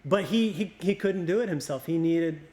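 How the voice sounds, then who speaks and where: A middle-aged man with a slightly high voice talks through memories of his father in easygoing conversation. He is reflective and halting, often doubling words as he searches for them, and grows a little emotional. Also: dark tone. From Oregon. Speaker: youth pastor. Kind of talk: casual conversation, storytelling.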